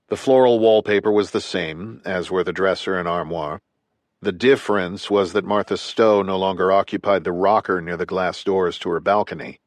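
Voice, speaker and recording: A man narrating a thriller audiobook in a steady, even storytelling delivery. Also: low-pitched, no room sound.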